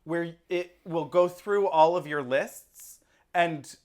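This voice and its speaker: A man co-hosting a casual movie review podcast, enthusiastic and quick to laugh. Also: on the high side. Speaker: podcast co-host.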